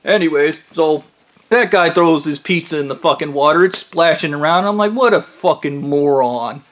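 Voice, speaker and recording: A man's voice: fairly high pitch, normal speed, a bit bright. A man telling a crude comic story in a profane, blunt and mocking way. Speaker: storyteller comedian.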